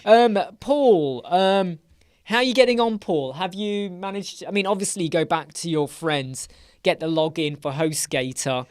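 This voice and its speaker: A man's voice: sits high, animated, measured pace, clean tone, no room sound, studio quality. An English man hosting a casual live Q&A stream from a room at home, chatty and playful, rambling between questions. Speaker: web design live stream host.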